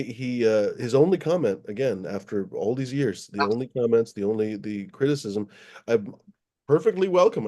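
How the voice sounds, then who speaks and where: A man's voice: mid-range voice, warm tone. Rambling, cursing male stream host. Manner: rambling, profane, with many fillers. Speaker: livestream host. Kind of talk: casual livestream chat.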